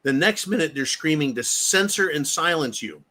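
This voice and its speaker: A man's voice: a little high, expressive, moderate pace, sharp tone. A man hosting heated political commentary, ranting angrily with profanity and repeating phrases for emphasis. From United States.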